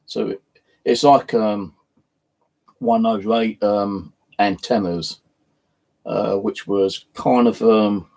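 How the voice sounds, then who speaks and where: A man's voice: lowish voice, steady tone, slow, creaky, pauses often, a little mellow, low-quality recording. A man, telling a rambling story in casual chat, swearing freely as the host of his own channel.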